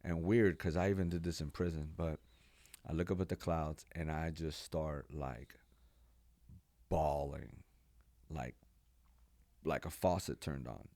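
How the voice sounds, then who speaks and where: A man in his forties, a pastor from New York, telling his life story as a podcast guest in an animated, casual way with slang. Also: extremely low pitch, unhurried, pauses often, dry recording. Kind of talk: personal testimony in a podcast interview.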